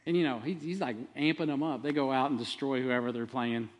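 A man's voice: mid-range voice, fairly even intonation, brisk. A man in his fifties preaching a sermon as pastor, talking conversationally with rambling asides and frequent tag questions. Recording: long hall reverb.

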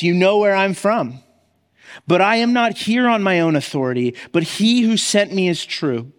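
A man's voice: on the high side, big-room sound. A man preaching a sermon in a conversational way, often restarting his words and acting out the voices he quotes. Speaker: pastor.

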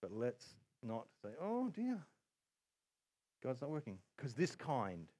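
A man preaches from the pulpit, telling a personal story with animated asides and quoted voices. His voice sits in the middle range for a man. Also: medium pitch, moderate pace. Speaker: pastor. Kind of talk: sermon.

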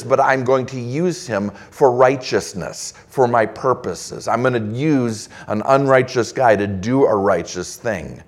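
A man preaching a sermon, reading scripture aloud and acting out God's replies and the people's complaints. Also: mid-range voice. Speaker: pastor.

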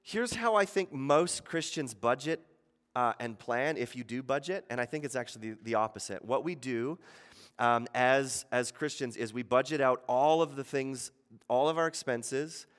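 A man in his thirties preaching a sermon as a pastor, in a conversational way, often asking "right?" and acting out quoted voices. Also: normal speed. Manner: acts out quoted voices with sudden shifts in pitch and loudness. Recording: long reverb of a church hall.

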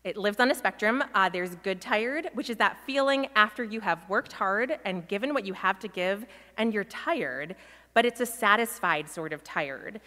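A woman pastor giving a sermon in a reflective, measured way, pausing often. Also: medium pitch, expressive, pushed and bright. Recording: long reverb of a large hall.

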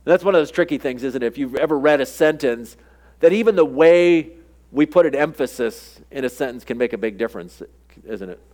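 A man's voice: medium pitch, lively intonation, a little fast, darkish tone. A man preaching a sermon in a conversational way, often acting out the lines of the people in the story. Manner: conversational preaching, acts out quoted dialogue. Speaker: pastor.

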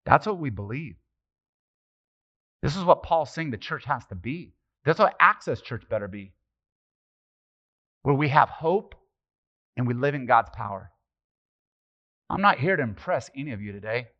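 A middle-aged man preaching a casual, conversational sermon as pastor, animated and joking, throwing rhetorical questions at the congregation. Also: mid-range voice, moderate pace, long pauses. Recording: slightly muffled, dry sermon recording.

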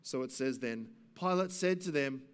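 A man preaching an expository sermon as pastor, earnest, rising for emphasis and dropping to hushed passages. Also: animated, moderate pace, clean tone. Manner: earnest, swings between raised emphasis and hushed low passages.

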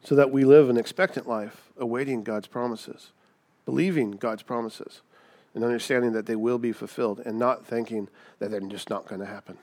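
A man's voice: mid-range voice, steady tone, fairly quick, darkish tone. A man preaching a sermon in a conversational way, often asking rhetorical questions. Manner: conversational, asks rhetorical questions, acts out voices.

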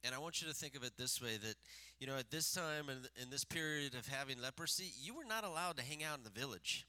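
A man's voice: medium pitch, lively intonation, quick pace, bright, forceful tone. A man preaching a sermon, moving between rising emphatic passages and casual asides to the congregation, often asking them questions. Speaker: pastor.

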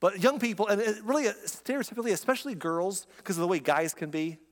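A man's voice: high-pitched, fast talker, big-room sound. A man preaching a sermon in a conversational, impassioned way, speaking directly to his listeners. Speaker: pastor.

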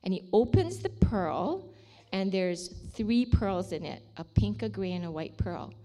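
A woman's voice: mid-range voice, expressive, unhurried, warm tone, faint music behind. A woman sharing a personal faith testimony with emotion, sometimes dropping to a near-whisper at dramatic moments. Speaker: ministry leader sharing a testimony.

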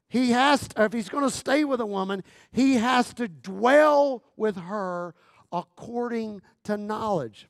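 Slow, gravelly high-voiced preacher man. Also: dry recording, clean studio sound. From Texas. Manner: humorous, conversational preaching with repetitions; swings from loud emphatic lines to near-quiet phrases. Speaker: guest pastor. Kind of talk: sermon.

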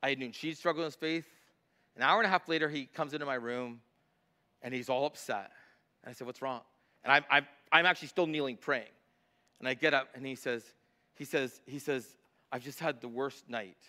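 Bright-voiced man preaching a sermon. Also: mid-range voice, fairly quick, long pauses. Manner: emphatic when quoting scripture, quieter and conversational in stories. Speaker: pastor.

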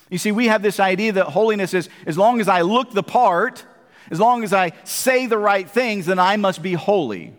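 High-voiced man preaching a sermon. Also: lively intonation, moderate pace. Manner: preaching with emphatic repetition and rhetorical questions. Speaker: pastor. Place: church sanctuary. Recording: long hall reverb.

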